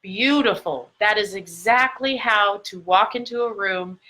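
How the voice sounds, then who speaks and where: Speaking at a measured pace with a medium pitch and sharp tone, a middle-aged life coach films herself for a live video. The phone or camera mic sound is poor, and she elongates key words to drive home her motivational message.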